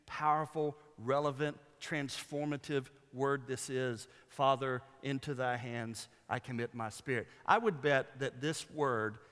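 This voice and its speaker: A man's voice: on the high side, fairly bright tone. A man preaching a sermon in an earnest, rhythmic way, repeating phrases for emphasis. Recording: long hall reverb.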